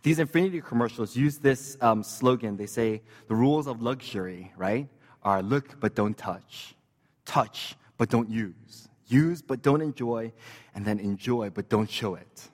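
A man's voice: mid-range voice, measured pace, darkish tone, big-room sound. A man preaching a sermon as pastor, conversational and joking, with casual fillers and asides.

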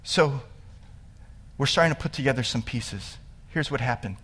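A man preaching a sermon, telling the story with animation and getting louder and higher as he builds, then dropping quiet for sad parts. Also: animated, moderate pace, husky. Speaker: pastor.

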